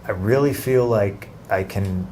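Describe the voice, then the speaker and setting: Interview guest, male, very low pitch, halting with restarts, faint noise behind. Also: dark tone. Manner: halting, many restarts and fillers. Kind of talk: casual interview.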